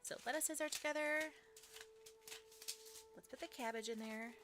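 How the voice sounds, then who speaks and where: A woman's voice: sits high, moderate pace, over music. A woman streaming casually, chatting and giggling while she sorts seeds and talks sweetly to her dog. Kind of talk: casual live-stream chat.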